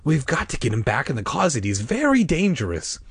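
A man doing a wild-eyed shouting scientist dad. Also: mid-range voice, wildly swooping pitch, a little fast, slightly rough, dry recording, studio quality, full character voice. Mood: urgent.

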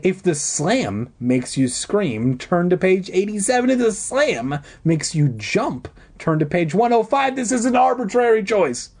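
A man casually reading a choose-your-own-adventure book aloud, joking and swearing between lines and clearing his throat often. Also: sits high, sing-song, measured pace, few pauses, darkish tone. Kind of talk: casual read-aloud with crude asides.

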